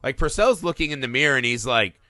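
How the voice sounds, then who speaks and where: A man talking films on a podcast, his voice bright and forceful and swinging all over the place as he riffs. He swears freely and leans into the scenes he describes. The sound is dry and close, with no room behind him. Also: mid-range voice, quick pace, dry recording. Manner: animated, swears, acts out quotes in put-on voices. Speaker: podcast co-host. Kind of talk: casual film discussion.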